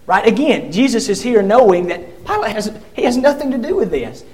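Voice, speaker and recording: A man's voice: high voice, expressive, moderate pace. A man preaching a sermon, retelling scripture in vivid storytelling with frequent restarts and acting out the quoted figures.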